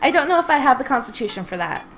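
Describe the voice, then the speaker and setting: A woman's voice: sits high, very animated, rapid-fire, a bit bright, faint music behind, voice pushed up. A woman voicing a cheeky, teasing teenage girl in a game.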